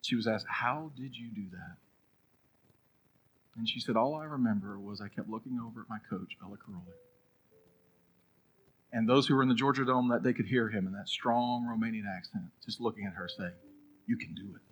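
A man preaching a sermon as pastor, telling a story, then swinging between loud urging and a hushed, prayerful hush. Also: fairly low pitch, a little fast, long pauses, slightly rough, low-quality recording.

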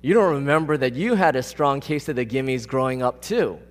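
A man quoting a wise old grandfather bear from a storybook in a calm, advising voice close to his own. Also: medium pitch, brisk, lightly acted. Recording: long reverb of a large hall.

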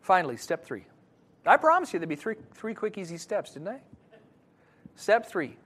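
A man preaching a sermon to his congregation, moving between quiet scripture reading and loud, animated emphasis. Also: sits high, moderate pace, husky. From Wisconsin, USA. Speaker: pastor.

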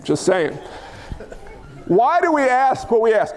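Speaking fairly quickly in an unusually high voice, a male pastor gives an animated, jokey sermon, acting out scenes and quotes as he goes. The church sanctuary adds a long hall reverb to the sound.

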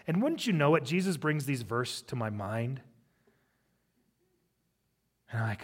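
A man's voice: mid-range voice, lively intonation, normal speed, a bit bright. A middle-aged man preaching a sermon, conversational, with humorous asides. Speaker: pastor.

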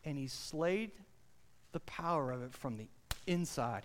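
A man preaching a sermon with an emphatic, direct delivery. He keeps turning to his listeners with rhetorical questions. His voice sits high and rings clear and smooth. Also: lively intonation, unhurried, pauses often.

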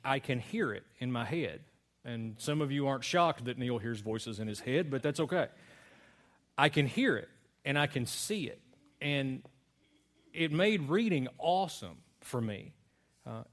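A man preaching a sermon to his congregation in a relaxed, conversational storytelling way. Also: medium pitch. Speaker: pastor.

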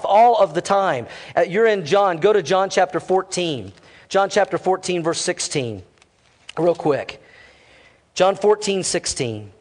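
A middle-aged man preaching a sermon to his church, lively and conversational with quick casual asides. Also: high voice, long reverb tail. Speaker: pastor.

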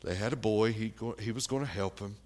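A man preaching a sermon, telling a personal story in a slow, plain-spoken way with pauses and fillers. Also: lowish voice, darkish tone.

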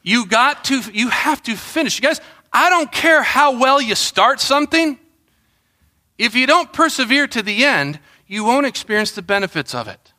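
A middle-aged man preaching a sermon as pastor, telling animated stories and acting out what people said. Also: very high voice, normal speed. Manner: animated storytelling, acts out quotes and shouts.

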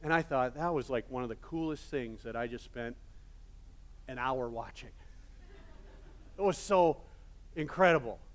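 A male pastor preaching a sermon in a casual, animated storytelling manner with many fillers. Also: mid-range voice, measured pace, pauses often.

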